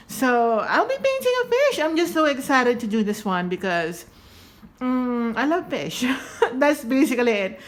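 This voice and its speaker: A woman with a slight lisp talks viewers through a painting tutorial in a casual, chatty way. Her voice sits fairly high, and she giggles and pokes fun at herself as she goes. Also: very animated, unhurried. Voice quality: slight lisp from wearing retainers. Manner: chatty, giggly, self-deprecating.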